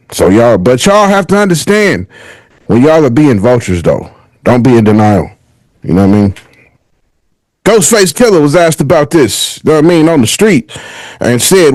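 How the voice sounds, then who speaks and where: A man's voice: medium pitch, a little mellow, no echo, rough recording. Guy w aave riffing on his podcast, voice jumps all over, real dry close sound. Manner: loose, conversational, constant "you know what I'm saying" asides. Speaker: podcast host. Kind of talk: casual commentary monologue.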